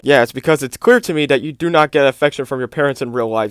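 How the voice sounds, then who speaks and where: A man's voice: a little high, quick pace, few pauses, clear, resonant tone, no echo, clean studio sound. A man giving a casual, exasperated commentary rant, full of "like" and "bro". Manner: exasperated, fills talk with "like" and "bro". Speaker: YouTube commentator.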